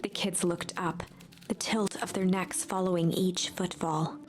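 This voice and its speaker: A woman streamer reading a game's story narration aloud, hushed and suspenseful, often dropping to a whisper. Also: fairly low pitch, fairly even intonation, a little slow. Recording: music playing under the voice. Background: game music.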